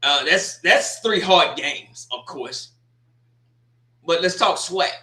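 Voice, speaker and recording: A man's voice: a little high, expressive, slow, pushed and bright, roomy sound. A man hosting a sports talk show, rambling through a casual opinion monologue with folksy asides.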